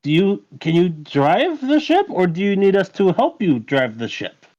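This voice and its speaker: A man's voice: sits high, big pitch swings, moderate pace, darkish tone, dull audio. A man playing a tabletop game, negotiating in character in a hesitant, polite way. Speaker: player.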